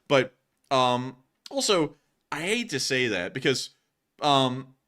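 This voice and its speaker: A man's voice: medium pitch, animated, slow, pushed and bright. A young man hosting a news livestream, talking in a loose, rambling way and laughing easily. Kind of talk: casual livestream chat.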